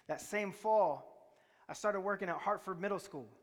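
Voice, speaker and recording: High-voiced preacher in a reverberant hall. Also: male voice, moderate pace. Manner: conversational storytelling, quizzing the congregation. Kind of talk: sermon.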